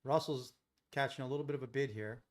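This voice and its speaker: A man's voice: mid-range voice, fast. A man hosting a live day-trading stream, thinking aloud through his trades and chatting with viewers. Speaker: day trading livestream host.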